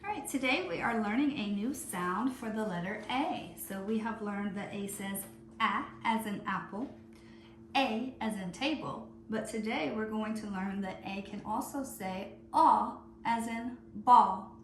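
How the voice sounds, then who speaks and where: A woman teacher leading a phonics lesson for young children, calling out words slowly and stretching out the sounds. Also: mid-range voice, reverberant, a little hiss or hum. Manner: slow, drawn-out word calling.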